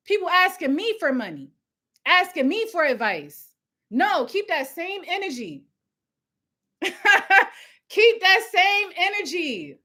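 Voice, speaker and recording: A young woman giving a loud, passionate motivational talk on a live stream, laughing often as she preaches. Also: extremely high pitch. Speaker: host of a live coaching stream. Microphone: phone or webcam at home with ring light.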